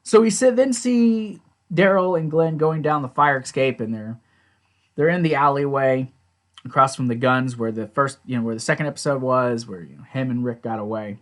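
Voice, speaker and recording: A chatty man talks through a TV episode in a casual recap. His pitch sits in a plain middle range, and he shares blunt opinions with the odd swear word. He keeps slipping into quotes of the characters as he retells each scene. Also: moderate pace. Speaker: TV show reviewer.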